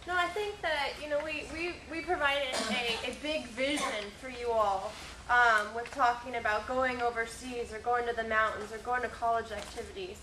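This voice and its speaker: A woman's voice: on the high side, fairly even intonation, normal speed. A woman presenter giving encouraging closing remarks at a seminar, with some fillers. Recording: echoey room with faint noise.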